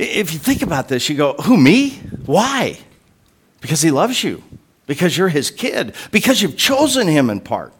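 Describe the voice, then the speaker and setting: A man's voice: on the high side, fairly bright tone, breathy edge. A male pastor preaching a sermon in a conversational way, breaking off into joking asides to his listeners.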